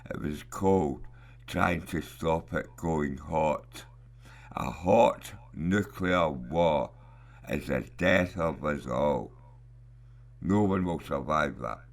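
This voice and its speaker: A man hosting a radio show, delivering a slow, emphatic, indignant monologue full of rhetorical questions. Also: very deep voice, creaky.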